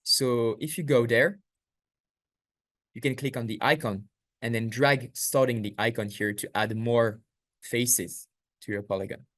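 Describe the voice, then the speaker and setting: A man's voice: medium pitch, fairly even intonation, measured pace, pauses often, fairly bright tone, no echo, studio quality. A man with a French accent leading a live online workshop, explaining each step and answering chat questions. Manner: explains step by step, reads out chat questions, small slips and self-corrections. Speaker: workshop instructor. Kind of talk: live online software tutorial.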